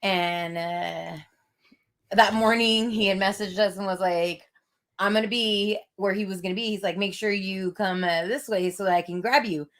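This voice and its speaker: A woman's voice: medium pitch, fairly even intonation, normal speed, a bit bright. Woman co-host, casual chat, chatty storyteller, giggly, lots of fillers.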